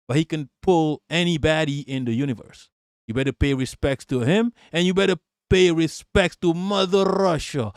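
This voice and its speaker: A man's voice: on the high side, moderate pace, darkish tone, dry recording, clean studio sound. A man live-streaming political commentary, ranting emphatically and repeating himself, with constant swearing. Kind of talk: profane reaction rant.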